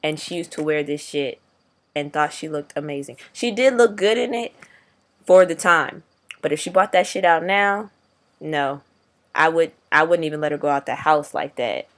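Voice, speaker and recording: A man's voice: a little high, normal speed, pauses often, a bit bright. A young man vlogging casually, rambling in slangy, profane talk. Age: young adult. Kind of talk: casual video diary.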